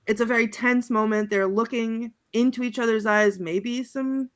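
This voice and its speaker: A woman on a panel chatting casually, halting with many ums and little laughs as she runs through her notes. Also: a little high, fairly even intonation. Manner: chatty, halting, reads out movie quotes with giggles and many ums. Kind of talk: casual chat.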